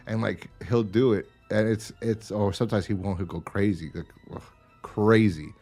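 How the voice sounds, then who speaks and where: A man's voice: on the low side, fairly even intonation, normal speed, darkish tone, soft background music. A man co-hosting a podcast in casual chat, rambling, laughing and swearing as he retells stories. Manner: rambling, swears and laughs often, acts out quotes. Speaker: podcast co-host.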